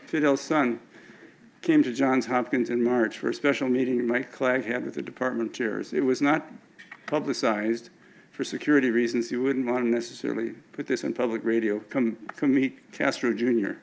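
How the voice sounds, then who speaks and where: Older man with a gravelly voice, lecturing. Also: medium pitch, fairly even intonation, normal speed, a little hiss or hum, poor audio. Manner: anecdotal, with frequent restarts and stumbles. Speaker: speaker at an alumni event. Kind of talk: lecture with slides.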